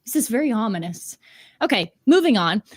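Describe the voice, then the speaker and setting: A woman's voice: a little high, big pitch swings, brisk, no echo, studio quality. A woman streamer giving sarcastic, incredulous reaction commentary, swearing casually as she picks apart what she reads.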